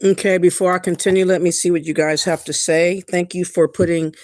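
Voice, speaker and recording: A man's voice: high voice, level tone, a little fast, a little mellow, no room sound. A man hosting a livestream, reacting to a clip and reading chat in an indignant, ranting way. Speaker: commentary host. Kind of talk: livestream commentary.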